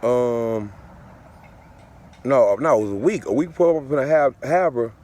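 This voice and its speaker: A man's voice: mid-range voice, moderate pace, dark tone. A father telling a personal story in a casual, profane, repetitive way, looping back over the same phrases.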